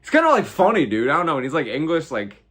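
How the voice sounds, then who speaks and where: A man's voice: fairly high pitch, huge pitch swings, fast, fairly bright tone, breathy edge. An American man in his twenties hosting a casual livestream, reading viewer comments and reacting with slangy, heavy swearing. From United States. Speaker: livestream host.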